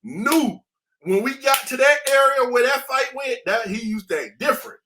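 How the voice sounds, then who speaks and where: A man with a high voice tells his story casually as an interview guest. His talk is slangy and animated, and he acts out the sounds himself. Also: moderate pace, slight background noise.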